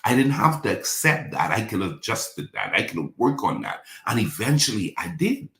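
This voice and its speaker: A man with a fairly low voice preaches to his congregation, circling back over his points and asking them to say lines with him. The sound carries the echo of a roomy church. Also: very animated, moderate pace, vocal fry, a bit bright. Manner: repetitive, call-and-response preaching. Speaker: pastor. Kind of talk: sermon.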